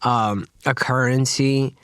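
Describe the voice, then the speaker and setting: A young man co-hosting a casual podcast, trading sarcastic, quick banter. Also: mid-range voice, steady tone, a bit bright, clean tone, no room sound, studio quality. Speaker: podcast co-host.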